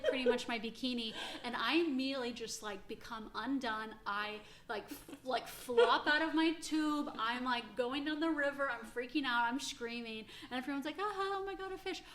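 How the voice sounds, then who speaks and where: A woman co-hosting a podcast in casual, chatty conversation, with a voice sitting a little high. She recaps and tells stories in a relaxed way. Faint noise runs underneath. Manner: chatty recapper, reacting with gasps. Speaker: podcast co-host. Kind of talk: casual chat.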